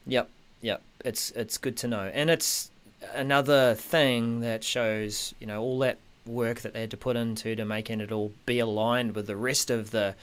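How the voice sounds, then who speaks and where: A man hosting a podcast in casual tech chat, hesitant with many ums, often trailing off softly. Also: medium pitch, steady tone, moderate pace, clear, resonant tone. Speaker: podcast host.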